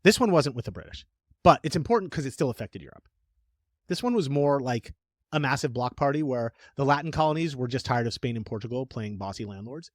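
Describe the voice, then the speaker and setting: A man co-hosting a casual podcast, telling history as jokey, animated stories. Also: mid-range voice, fairly quick, no echo, clean studio sound. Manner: jokey, animated storytelling with playful put-on voices. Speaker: podcast co-host.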